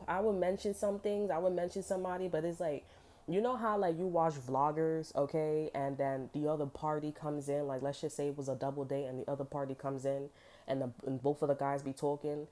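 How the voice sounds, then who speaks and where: A woman's voice: low voice, fairly even intonation, fairly quick, warm tone. A woman giving a casual tarot reading, blunt and profane, full of emphatic slang. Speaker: tarot reader.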